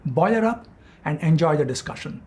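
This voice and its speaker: A man's voice: on the high side, lively intonation, brisk, darkish tone. A man reading a prepared welcome address to donors, formal and grateful. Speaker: school head giving a welcome.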